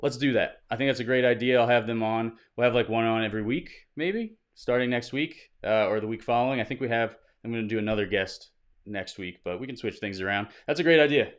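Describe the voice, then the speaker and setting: Speaking in a mid-range voice at a slightly quick clip, a man runs his weekly crypto livestream as a casual Q&A. He greets viewers by name with upbeat energy, reads their questions out, and responds conversationally without preparation.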